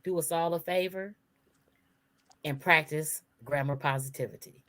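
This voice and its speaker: A woman's voice: low voice, normal speed, a bit bright. A woman co-hosting a casual podcast chat, emphatic and spelling words out letter by letter. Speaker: podcast co-host.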